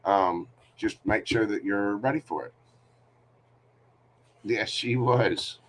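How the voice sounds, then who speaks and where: A man's voice: on the low side, takes it slowly, fairly bright tone, a little hiss or hum. A man hosting a live tarot reading stream, giving candid, joking, rambling advice. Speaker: tarot reader host.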